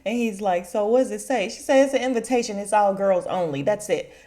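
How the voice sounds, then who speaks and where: A woman's voice: medium pitch, brisk, dark tone. Chatty woman recapping with laughs. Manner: chatty, laughing, acts out quotes with big swings. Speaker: podcast host recapping a reality show. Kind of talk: casual chat.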